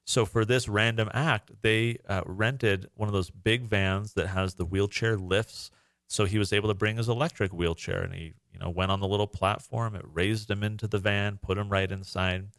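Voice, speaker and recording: A man's voice: fairly low pitch, fairly even intonation, normal speed, fairly bright tone, no room sound, studio quality. A man, a parent, co-hosting a podcast, telling a story in a casual, earnest and emotional way with many fillers. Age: adult parent. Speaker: podcast co-host.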